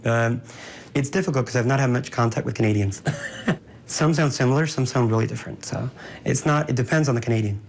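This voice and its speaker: A man being interviewed, answering in lively, chatty, casual talk and laughing easily. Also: medium pitch, a little fast, a little hiss or hum. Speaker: interviewee, polyglot. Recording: background music under voice.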